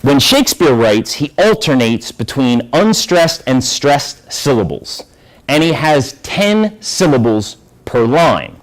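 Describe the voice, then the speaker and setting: Lively man teaching a class. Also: mid-range voice, slow, low-quality recording. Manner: lively, asks the class questions. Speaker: high school English teacher.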